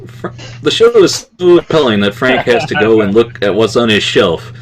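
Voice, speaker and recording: A man's voice: mid-range voice, animated, normal speed, a crowd in the background. A man co-hosting a podcast in casual chat, rambling from one thought to the next, chuckling and trailing off with "anyway". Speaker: podcast co-host.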